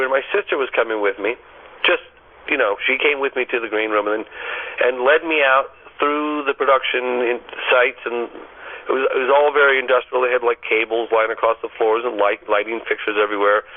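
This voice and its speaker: A middle-aged man telling a story as an interview guest, animated, often stammering and repeating words. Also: mid-range voice. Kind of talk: casual storytelling. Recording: tinny phone line.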